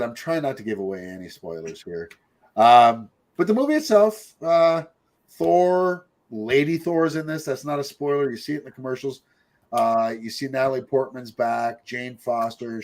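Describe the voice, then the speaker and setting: A man's voice: medium pitch, darkish tone. Chatty middle-aged man. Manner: rambling, chatty, full of fillers and asides. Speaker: podcast host. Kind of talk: casual chat.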